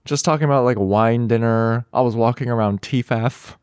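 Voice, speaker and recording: A man's voice: medium pitch, moderate pace, a little mellow, clean tone, dry recording, clean studio sound. A man co-hosting a podcast, joking and teasing in casual banter. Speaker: podcast co-host. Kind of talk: casual chat.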